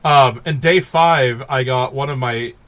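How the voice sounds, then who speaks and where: A man on a podcast telling a story in casual chat, animated, laughing and swearing as he goes. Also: mid-range voice, a little slow. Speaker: podcast co-host.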